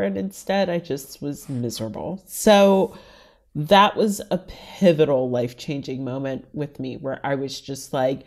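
A woman's voice: very deep voice, a little slow. A woman from the Washington, D.C. area, talking frankly and chattily as an interview guest. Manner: frank, chatty, heavy use of "like". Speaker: interview guest, writer and stylist. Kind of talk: candid personal interview conversation.

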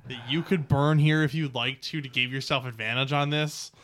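A man running a tabletop game as game master, his pitch sitting squarely in the middle of a man's range. He narrates with flair and stretches out the big moments to let them land. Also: fairly even intonation, moderate pace, a bit bright, a little hiss or hum.

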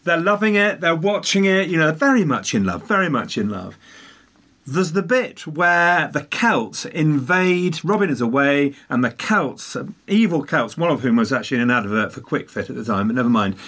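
Animated rambling male storyteller. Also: medium pitch, normal speed. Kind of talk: casual chat.

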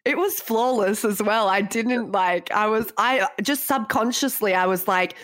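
A woman's voice: mid-range voice, a little slow, fairly bright tone, no echo, clean studio sound. A woman co-hosting a TV recap podcast, bubbly and rambling, full of "like"s. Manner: chatty, bubbly, rambling with many "like"s. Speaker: podcast co-host. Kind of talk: casual chat.

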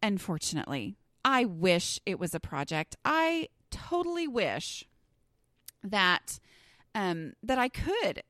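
A woman's voice: medium pitch, sing-song, slow pace, fairly bright tone, no echo, clean studio sound. A middle-aged woman with a Southern US accent, hosting a casual solo podcast in a chatty, self-deprecating, easily sidetracked way. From Southern United States. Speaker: podcast host.

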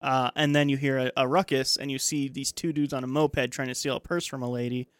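A young man co-hosting a podcast, animated and laughing often as he recaps a TV show with plenty of swearing. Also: medium pitch, a little fast, clean tone, no room sound. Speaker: podcast co-host. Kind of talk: casual chat recapping a TV show.

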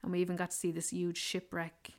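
A woman's voice: lowish voice, completely flat delivery, brisk. A woman telling a rambling, casual travel story, full of "like" and "yeah". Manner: chatty, rambling, fond of fillers like "like" and "yeah". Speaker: travel vlogger.

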